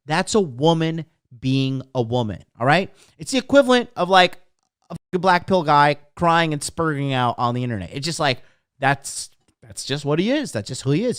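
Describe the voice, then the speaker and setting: A man's voice: a little high, no echo, clean studio sound. A young man hosting a casual livestream as a dating coach, brash and profane as he lectures and reads comments.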